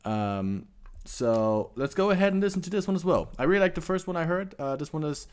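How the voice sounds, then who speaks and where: A man's voice: on the high side, lively intonation, brisk, clear, resonant tone. A man hosting a reaction video, chatting casually with lots of fillers and restarts. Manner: hesitant, many fillers and restarts.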